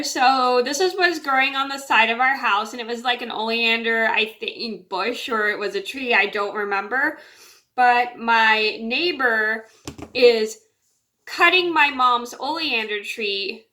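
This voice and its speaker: A woman with a bright, somewhat high voice tells a personal story straight to camera. Her talk is loose and rambling, full of fillers and restarts, and she keeps trailing off with "blah, blah, blah". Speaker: storyteller vlogger.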